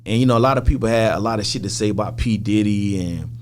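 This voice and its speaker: Guesting on a podcast, a middle-aged man retells a story with animation, performing the quoted dialogue and swearing a lot along the way. He speaks quickly in a lowish voice, with a little hiss or hum in the audio.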